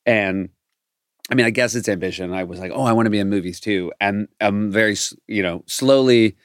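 Middle-aged male guest, low voice, rambling self-deprecating chatter, dry sound. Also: a little fast, dry recording. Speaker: guest, comedy writer. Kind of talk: casual interview chat.

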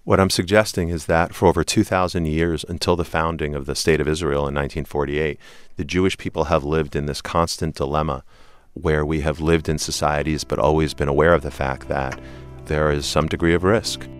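A man answering questions in a broadcast interview as the leader of a civil rights group, speaking earnestly and in measured terms and often opening a point with "look.". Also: a bass voice, fairly even intonation, smooth.

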